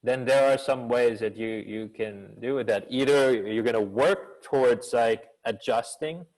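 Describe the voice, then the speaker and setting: In a mid-range voice and at a measured pace, a male business school professor and communication coach answers seminar questions over a video call. He's an expressive speaker with an actor's flair, coaching energetically and posing many rhetorical questions. The recording is rough.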